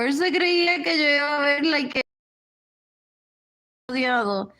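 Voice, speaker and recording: A woman's voice: high-pitched, takes it slowly, long pauses, a bit bright. A woman in her forties rambling on a livestream, repeating herself, drifting into near-whispers and switching between English and Spanish. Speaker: livestream host. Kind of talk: rambling live-stream monologue.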